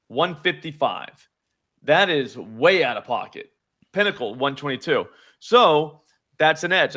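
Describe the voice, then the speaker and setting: A man hosts a live sports betting stream, his voice sitting a little high for a man. He talks in fast, animated bursts, with restarts and filler words as he explains each pick. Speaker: sports betting show host. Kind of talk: live betting show chat.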